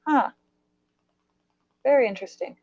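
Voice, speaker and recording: A woman from the United States hosting a casual live stream chat, curious and quick to laugh. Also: high-pitched, lively intonation, darkish tone, no room sound, muffled recording. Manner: curious, laughs easily, thinks aloud. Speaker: host.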